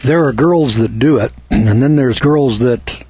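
An American man delivering an opinionated monologue, speaking slowly and deliberately, spelling out words and citing scripture references like a preacher. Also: medium pitch, mellow, dull audio, slight background noise. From United States. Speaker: commentator.

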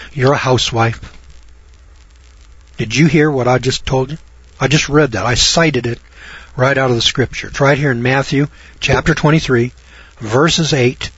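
Husky guy preaching scripture real folksy, rambly, dull lo-fi sound. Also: mid-range voice, a bit bright, dry recording. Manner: rambling, folksy, chuckling asides, self-deprecating. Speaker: Bible teacher. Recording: dull dry lo-fi recording.

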